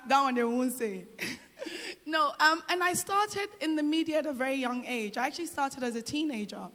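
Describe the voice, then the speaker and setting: A woman's voice: high-pitched, fairly bright tone. A middle-aged woman giving a motivational speech to a crowd, encouraging and repeating phrases for emphasis. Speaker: guest speaker. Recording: long hall reverb.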